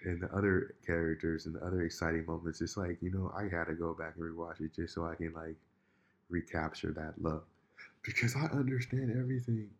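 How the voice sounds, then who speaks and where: A man in casual chat, telling a story in an animated, rambling way with many restarts. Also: low voice, brisk.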